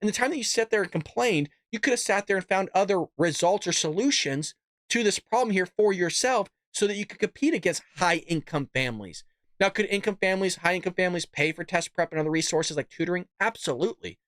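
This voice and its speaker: A man's voice: high-pitched, expressive, quick pace, fairly bright tone, no room sound, studio quality. A man hosting a political commentary show, ranting bluntly and cussing. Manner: blunt, fired-up, cusses. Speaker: host.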